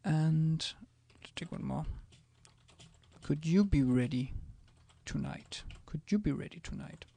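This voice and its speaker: A man's voice: a little high, slow, vocal fry, dark tone. A man teaching a language in a casual screencast, hesitant, with many ums and restarts as he types examples. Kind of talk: screencast lesson, typing examples.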